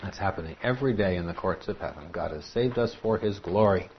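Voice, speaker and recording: A man preaching a sermon in an animated, emphatic way. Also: low voice, brisk, slight background noise. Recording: dull lo-fi recording.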